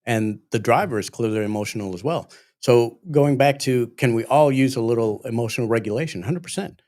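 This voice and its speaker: Guy who trains cop recruits, talking it through earnestly, mid pitch, livestream chat. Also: fairly quick, hardly any pauses, dark tone. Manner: earnest, explaining with examples. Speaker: police training instructor. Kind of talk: livestream discussion.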